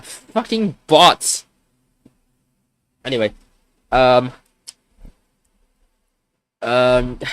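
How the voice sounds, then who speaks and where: A man's voice: medium pitch, slow, pauses often, a bit bright, no room sound. A young man in his twenties venting on a live stream, frustrated and swearing, often stumbling and restarting his sentences.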